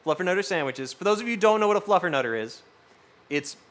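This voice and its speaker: A man chats with his live-stream audience in a loose, rambling way, swearing freely. His voice sits a bit high and swings widely, jumping up for excited reactions. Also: fast. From US West Coast. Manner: animated, swearing, rambling storytelling. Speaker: streamer reading chat. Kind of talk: casual live-stream chat.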